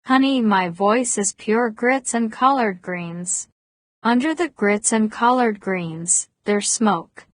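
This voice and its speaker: Smoky-voiced flirt with a Deep South accent, as a woman reads her. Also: takes it slowly, no echo, natural voice. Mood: teasing.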